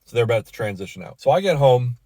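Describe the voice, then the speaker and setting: Bar-manager type, male, mid-pitched, rambling and profane as he tells a story, recorded dry. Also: very animated, fast talker, dark tone, no room sound. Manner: casual and profane, with many fillers and restarts. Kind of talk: storytelling rant.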